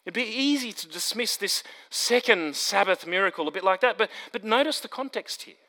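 High bright-voiced man preaching in a hall. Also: expressive, brisk. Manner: emphatic, builds to stressed points then drops low. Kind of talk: expository sermon. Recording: long hall reverb.

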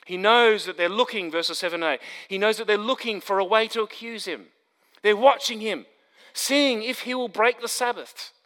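High bright-voiced man preaching in a hall. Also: moderate pace. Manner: emphatic, builds to stressed points then drops low. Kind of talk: expository sermon. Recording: long hall reverb.

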